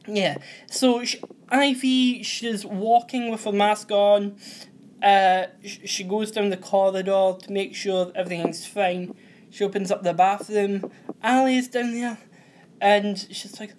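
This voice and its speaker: Young man, host of a recap show; unhurried, rambling delivery, trips over names and corrects himself. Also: sits high, fairly even intonation, darkish tone, a little hiss or hum. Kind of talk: casual TV episode recap.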